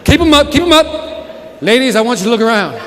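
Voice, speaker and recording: A man's voice: extremely high pitch, brisk, background noise. A man giving a motivational keynote speech in a large conference hall, telling stories with energy and calling out to the audience. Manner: energetic, animated storytelling with audience call-outs. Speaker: keynote speaker. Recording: echoey hall with live audience.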